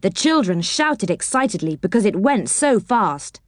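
A woman reading a children's story aloud, expressive and warm in storybook style, in a dry close recording. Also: mid-range voice, moderate pace, dry recording.

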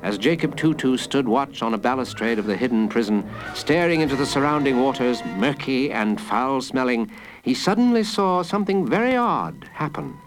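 A man reading a children's adventure story aloud in an expressive, dramatic way. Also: on the high side, poor audio. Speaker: narrator.

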